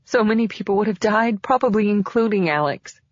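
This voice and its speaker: A distraught young woman, put on by a male narrator, her voice raised high and trembling as she pleads with a friend. The read is close and dry, with a slightly dull, lo-fi tone. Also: a little fast, dry recording.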